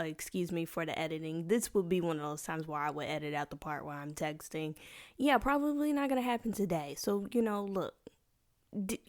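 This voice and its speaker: A young woman hosting a solo podcast, chatting casually in a rambling, playful, slangy way full of restarts and asides. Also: fairly low pitch. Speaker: podcast host.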